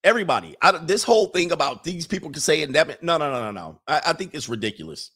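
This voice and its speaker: A man's voice: fairly high pitch, big pitch swings, quick pace, fairly bright tone, husky. A man hosting a casual livestream, reading chat comments and giving emphatic opinions, often repeating phrases for effect.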